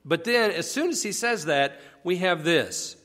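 A man's voice: high-pitched, expressive, unhurried, a bit bright. A man casually teaching a Bible passage, explaining conversationally and asking rhetorical questions. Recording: long echoey reverb.

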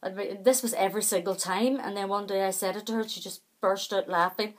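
A woman's voice: medium pitch, fairly even intonation, quick pace. A middle-aged woman, chatting to camera in a rambling, self-deprecating way. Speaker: vlogger. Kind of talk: casual chat to camera.

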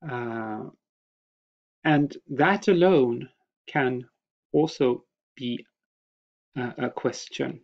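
A man giving a recorded grammar lecture as a language teacher, speaking slowly and hesitantly with many fillers. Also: mid-range voice, creaky. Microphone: voice-over to slides. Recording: dull lo-fi voice-over.

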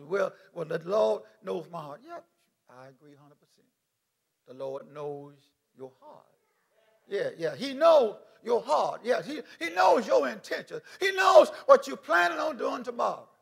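High gravelly fervent preacher man. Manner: fervent, repeats phrases and calls out praise; stammering restarts. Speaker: bishop preaching. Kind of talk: sermon. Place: church stage.

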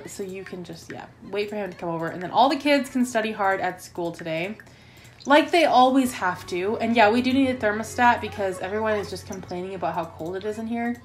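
Excitable woman narrating her gameplay. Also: mid-range voice, slight background noise. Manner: chatty, easily flustered and melodramatic. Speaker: let's play host. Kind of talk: gameplay commentary.

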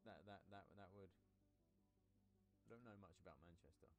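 Low-voiced man reading game text aloud. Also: fast. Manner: swears casually; shouts out workout cues. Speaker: gaming and fitness streamer. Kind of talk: casual gameplay commentary.

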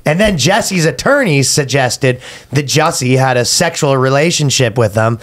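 A man co-hosting a comedy podcast, telling a story in casual chat and acting out the quotes in raised voices. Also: normal speed. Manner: animated storytelling, acts out quotes in high voices. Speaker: podcast co-host.

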